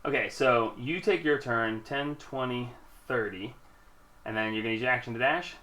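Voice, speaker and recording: A man running a tabletop game as game master, animated and often laughing as he narrates the monsters. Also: medium pitch, normal speed.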